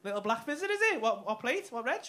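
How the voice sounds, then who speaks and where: A man's voice: extremely high pitch, very animated, fast talker, sharp tone. A man doing crowd-work stand-up on a comedy club stage, brash and sweary, teasing audience members. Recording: noisy live club recording. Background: audience laughter.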